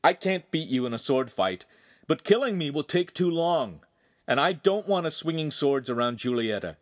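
A man's voice: a little high, big pitch swings, normal speed, pitched above the performer's own voice. A man voicing a desperate young apprentice hero who pleads earnestly in an audiobook. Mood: pleading.

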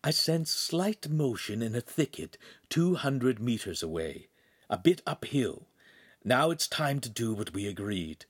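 A man's voice: mid-range voice, very animated, unhurried, slightly rough, no echo. A man voicing a small, cautious male imp who speaks in a precise, analytical way. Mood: alert.

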